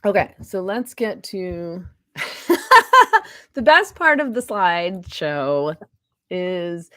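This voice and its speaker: A woman hosting a podcast in casual conversation, sardonic and quick to laugh, often restarting her sentences. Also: lowish voice, expressive, fairly bright tone, no room sound, clean studio sound. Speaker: podcast host.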